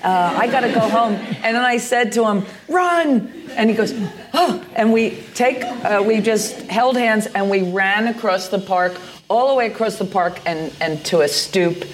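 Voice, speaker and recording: A woman's voice: medium pitch, normal speed, few pauses. A woman in her sixties from the United States, a guest in a live on-stage conversation, telling stories in a meandering, hesitant way with many fillers and restarts. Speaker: interview guest, poet and artist. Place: live venue stage with an audience.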